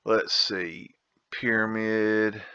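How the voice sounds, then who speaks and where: A man's voice: lowish voice, level tone, very slow, sharp tone, smooth, no room sound, highs cut off. A man hosting a casual photo tour, rambling, blunt and profane, with a folksy drawl. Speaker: video host.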